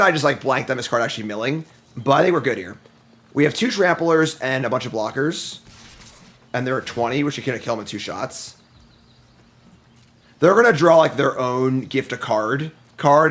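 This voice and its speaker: A man's voice: medium pitch, a bit bright. A man streaming a card game, giving casual commentary and berating himself for his mistakes after a long, tiring session. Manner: self-deprecating, exasperated outbursts.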